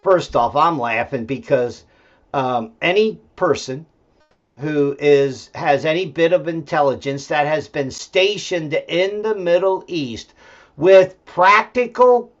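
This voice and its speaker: A man's voice: on the high side, slow pace. A male host giving a rambling, profane political rant full of fillers and restarts, and talking aside to his dog at home. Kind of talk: solo political commentary rant. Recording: dull lo-fi sound.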